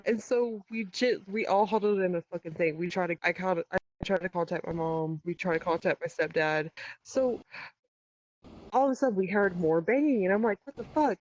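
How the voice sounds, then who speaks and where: A woman's voice: lowish voice, brisk, rough recording. Profane woman telling a spooky story. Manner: profane, animated retelling with quoted dialogue. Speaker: podcast guest. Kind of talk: casual storytelling.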